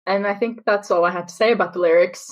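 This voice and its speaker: A woman's voice: mid-range voice, steady tone, quick pace, low-quality recording. A woman co-hosting a podcast, chatting casually about song lyrics. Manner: chatty, paraphrases lyrics with dramatic read-outs. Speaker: podcast co-host.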